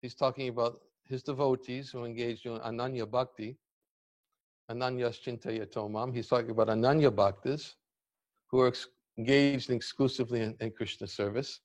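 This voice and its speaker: A man teaching a devotional scripture class, speaking deliberately and pausing to search for words. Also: medium pitch, fairly even intonation. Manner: deliberate, searching for words, reading commentary aloud. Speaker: spiritual teacher giving a class.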